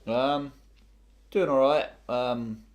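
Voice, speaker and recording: A man's voice: mid-range voice, fairly even intonation, drawn-out words, muffled recording, pitched above the performer's own voice. A man voicing a self-important human hero in a tabletop game, boastful but hesitant, with many fillers. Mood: smug.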